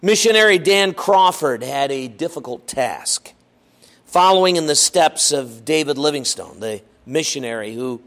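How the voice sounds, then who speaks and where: A man preaching a sermon, slow and emphatic, asking the listeners rhetorical questions. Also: on the high side, fairly bright tone.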